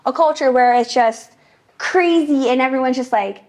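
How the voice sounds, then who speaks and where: A woman's voice: sits high, normal speed, a little mellow. A young woman hosting a podcast, chatting casually while working out, out of breath and filling her talk with "like.". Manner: chatty, lots of "like" fillers. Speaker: podcast host.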